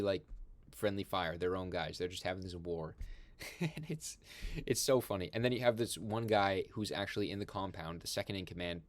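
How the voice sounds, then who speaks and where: A young man, a film discussion host, excitedly recapping a movie in a rambling, casual way with lots of fillers. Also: lowish voice, dry recording.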